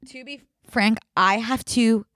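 A woman's voice: fairly high pitch, steady tone, takes it slowly, fairly bright tone, no echo, studio quality. A young woman co-hosting a casual podcast, chatty and candid, laughing easily. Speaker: podcast co-host. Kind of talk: casual chat.

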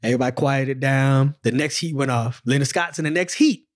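A man in his forties, a former sprinter, telling his story in a casual podcast chat, slangy and animated, acting out the moments. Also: medium pitch, brisk.

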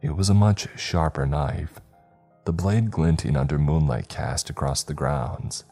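A man narrating a horror story in a steady, measured storytelling voice. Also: extremely low pitch, husky, faint music behind.

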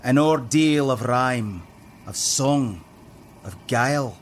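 A ghostly young sailor from an audio drama, intoning rhyme in a resonant, lilting voice at an extremely slow, measured pace. A faint hiss sits underneath. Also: male voice, mid-range voice, lively intonation. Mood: solemn. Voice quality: resonant, melodic, youthful lilt. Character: pale, silent young male sailor, eerie and poetic. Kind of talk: recited verse in audio drama.

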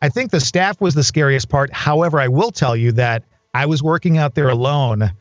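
A man, a radio host, chatting casually and telling stories from his overnight shifts in a relaxed way. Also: on the high side, normal speed, dry recording, highs cut off. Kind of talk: casual chat.

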